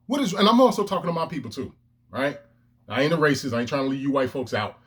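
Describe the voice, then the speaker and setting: Man ranting to his camera, high lively voice, husky, profane and emphatic. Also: fast. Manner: heated, profane, emphatic, with loud outbursts. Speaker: vlogger. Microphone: camera lens, self-recorded.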